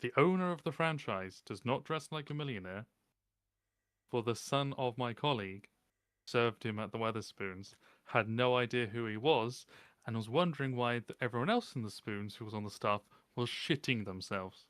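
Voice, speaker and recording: A man's voice: medium pitch, normal speed, fairly bright tone, no echo. A man at a tabletop game telling a story in casual chat. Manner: anecdotal, laughing. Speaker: player.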